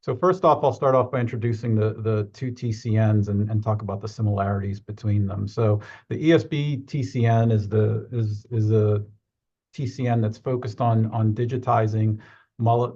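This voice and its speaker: A man's voice: lowish voice, mellow. Hesitant man presenting over a muffled line. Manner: hesitant, with frequent restarts and fillers. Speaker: webinar presenter. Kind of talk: presenting in a webinar.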